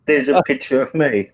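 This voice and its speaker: A man, co-hosting with crude trash-talking insults. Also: mid-range voice. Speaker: co-host. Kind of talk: crude casual banter. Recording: dull lo-fi off-mic sound with faint noise.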